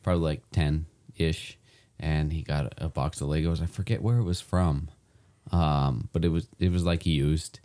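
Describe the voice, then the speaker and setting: A man with a very deep, mellow voice chimes in during a casual chat. He tosses in wry remarks and short anecdotes. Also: fairly even intonation, normal speed.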